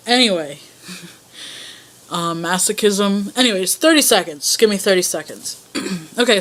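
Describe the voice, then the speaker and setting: A woman's voice: medium pitch, a bit bright. Rambling young woman vlogger. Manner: rambling, self-conscious storytelling. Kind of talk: casual chat answering a voice tag.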